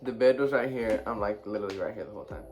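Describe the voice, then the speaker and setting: A man's voice: fairly low pitch, racing, darkish tone. A young man and new father joking in slangy tough-guy banter while chatting with his partner. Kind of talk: casual chat. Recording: background music under voice. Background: music.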